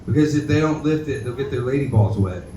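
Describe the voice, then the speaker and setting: A man's voice: medium pitch, animated, quick pace, recorded from a distance, background noise. A young man doing a rambling, self-deprecating, profane stand-up set and talking back to the crowd. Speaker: stand-up comedian at open mic. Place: bar stage, roomy and echoey. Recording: echoey bar room recorded from afar.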